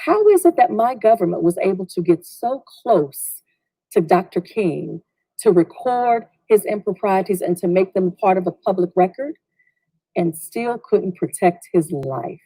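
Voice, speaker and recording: A woman's voice: medium pitch, lively intonation, a little slow, mellow, husky, no echo, poor audio. A woman telling a personal story in a reflective way, sometimes acting out what others said. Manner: reflective, acts out quoted voices.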